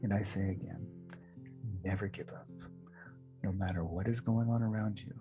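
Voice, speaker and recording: A man teaching a spiritual meditation workshop, talking in an unhurried, earnest way with frequent fillers and restarts. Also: fairly low pitch, steady tone, over music. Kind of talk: reflective spiritual workshop talk.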